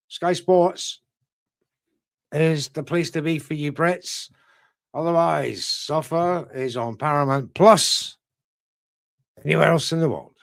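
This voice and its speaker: Here a man with a slightly high, gravelly voice commentates live on boxing for a watchalong stream run from a UK setup, recorded dry. His tone is conversational as he responds to the chat, calling out viewers by their usernames.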